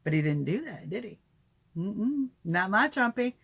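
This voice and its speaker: A woman giving an animated political commentary on a livestream, mocking opponents, acting out voices and laughing at her own jokes. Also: medium pitch, unhurried, vocal fry, slightly rough.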